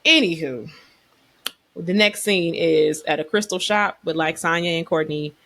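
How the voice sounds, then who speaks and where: A woman's voice: on the low side, measured pace, gravelly. A woman co-hosting a podcast, chatting casually and with slang about a reality show, often acting out what the cast said. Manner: animated, slangy, acts out quotes. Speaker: podcast co-host. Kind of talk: casual reality TV recap chat.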